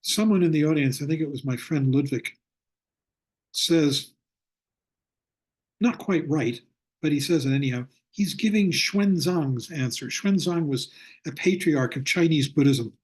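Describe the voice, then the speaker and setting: Older man teaching with a husky voice. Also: on the high side, a little mellow. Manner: reflective, slows down for emphasis. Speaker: Buddhist teacher. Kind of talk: online lecture with storytelling. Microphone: video call.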